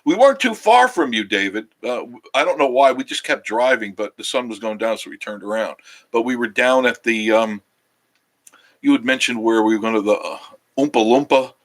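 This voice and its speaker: A man's voice: on the low side, fairly bright tone. A man hosting a casual travel vlog, chatting with his viewers and rambling and losing his train of thought because he is tired, sitting on a couch in a cabin. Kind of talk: casual live-stream chat with viewers.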